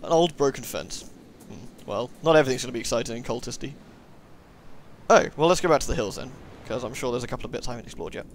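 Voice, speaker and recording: A man's voice: medium pitch, expressive, quick pace, a little hiss or hum. A man giving casual let's-play commentary, chatty and self-mocking as he thinks aloud.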